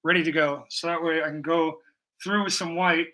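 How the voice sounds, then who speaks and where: A man's voice: a little high, fairly even intonation, normal speed, bright, forceful tone. A man chatting casually and profanely to his viewers while he paints, talking from his room at home. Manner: rambling, profane, jokey. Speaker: painting livestream host. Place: bedroom at home.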